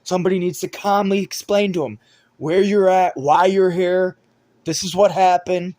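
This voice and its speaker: A man's voice: sits high, fairly even intonation, moderate pace, a little mellow, no echo. A man giving a rambling, profanity-laden monologue to camera as a vlogger.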